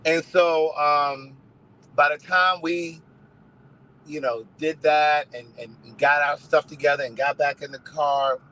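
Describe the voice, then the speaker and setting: A man hosting a casual live stream, telling stories in an animated way and swearing freely. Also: on the high side, slow, low-quality recording. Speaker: host.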